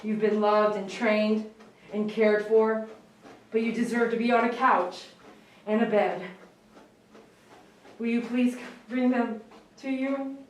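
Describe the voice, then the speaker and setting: A woman's voice: on the high side, steady tone, slow, pauses often. Tearful woman groomer, echoey room. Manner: soft-spoken, tender talk to a dog. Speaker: dog groomer. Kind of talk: live stream grooming chat. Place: grooming shop. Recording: very echoey room, mic far off, faint noise.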